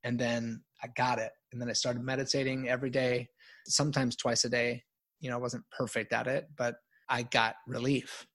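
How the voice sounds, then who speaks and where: A middle-aged man tells a story from his own life as a podcast guest. He is animated and pokes fun at himself, and he breaks into laughter often. He speaks at a medium pitch. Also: moderate pace. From United States.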